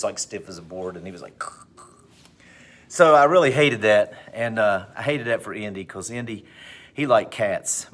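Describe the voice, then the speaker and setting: A male teacher telling a personal anecdote to his class, with big animated swings in pitch and pace. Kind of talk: storytelling in class.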